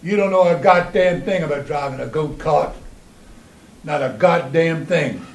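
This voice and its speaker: A man voicing a gruff, stubborn rural father who speaks in a bossy way, within a told story. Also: a little high, unhurried. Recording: roomy, mic at a distance.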